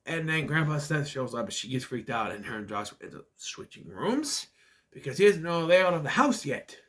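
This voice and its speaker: Animated sarcastic man recapping a movie. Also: a little high, normal speed. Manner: acts out quoted lines in exaggerated voices; sarcastic asides. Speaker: movie reviewer. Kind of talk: casual comedic movie recap.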